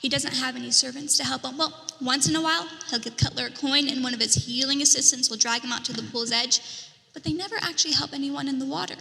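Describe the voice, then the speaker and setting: A woman performing a dramatic storytelling monologue as a market merchant in a church play, animated, with whispered asides. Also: high-pitched, fast talker, vocal fry. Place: church sanctuary. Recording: reverberant church hall.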